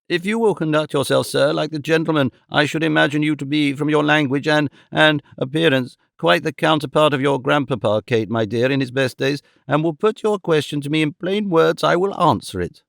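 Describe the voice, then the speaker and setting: A man's voice: on the high side, a little fast, creaky, few pauses, dry recording, studio quality. A man voicing a flustered, easily offended genteel mother in an audiobook reading. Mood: indignant. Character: flustered genteel middle-aged mother, indignant.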